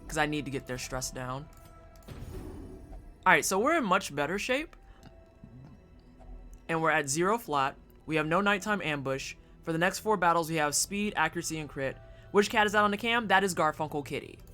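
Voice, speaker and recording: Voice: animated, moderate pace, long pauses, bright, forceful tone, soft background music. A streamer giving casual, profane commentary while playing a game and chatting with viewers. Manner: profane, chatty, jumps into high-pitched silly voices.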